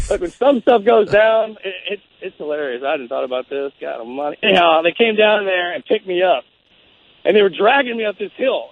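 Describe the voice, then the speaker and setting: A man in his forties, the guest, telling a story in a halting, rambling way full of restarts. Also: on the high side, dry recording. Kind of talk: casual storytelling. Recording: phone-like narrow sound.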